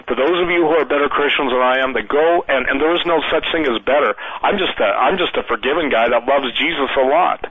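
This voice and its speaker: A man's voice: medium pitch, no echo. Fervent man praying over a tinny phone line. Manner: fervent, preacherly, emotional. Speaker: radio guest. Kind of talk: radio call-in talk and prayer. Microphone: phone call.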